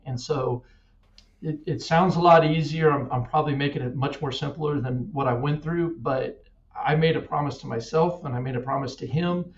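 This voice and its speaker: A man's voice: fairly high pitch, moderate pace. A middle-aged man from Kansas, a cyclist guest, telling his story earnestly, often repeating words. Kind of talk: casual interview. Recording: echoey distant dull-sounding mic.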